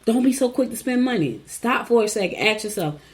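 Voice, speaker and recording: A middle-aged woman hosts a show, reading horoscopes in a fairly high, lively voice at a brisk clip. She's casual and chatty, riffing with folksy asides and repeating her advice.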